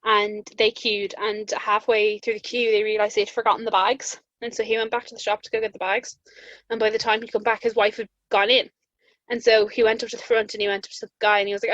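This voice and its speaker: Brisk and fairly bright, a medium-pitched voice with little pitch movement belongs to a young Irish woman co-hosting a podcast. She chats casually, tells stories full of laughs and acts out quotes, recorded on muffled podcast audio with no echo.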